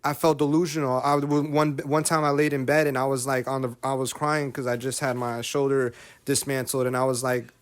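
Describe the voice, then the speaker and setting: A man's voice: mid-range voice, little pitch movement, fairly quick, clean tone. A man in his thirties talking candidly as a podcast guest, emotional and preachy, often repeating phrases. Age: 30s. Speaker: guest, rapper and content creator.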